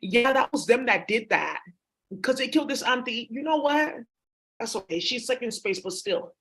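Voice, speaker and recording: A woman's voice: a little high, expressive, moderate pace, fairly bright tone. A woman vlogger talking in a rambling, blunt, profane monologue. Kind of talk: casual monologue.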